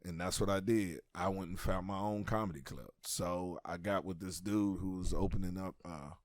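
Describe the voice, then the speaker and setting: Brief: American male comedian, middle-aged, loose and profane raconteur, somewhat low voice, dry recording. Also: moderate pace, no echo. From United States. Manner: profane, animated storyteller. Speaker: comedian guest. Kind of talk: casual storytelling interview.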